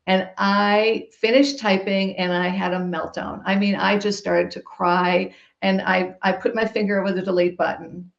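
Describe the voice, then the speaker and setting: A woman tells a personal story with animated emphasis. Her voice sits at a middle pitch. The recording is roomy and slightly muffled. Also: moderate pace, gravelly, few pauses. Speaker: guest. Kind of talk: storytelling in a podcast conversation. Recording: roomy, dull-sounding recording.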